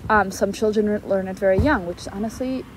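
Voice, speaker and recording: A woman's voice: medium pitch, a little fast, noisy background. A young woman co-hosting a podcast in casual chat, reflective and thinking aloud. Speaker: podcast co-host.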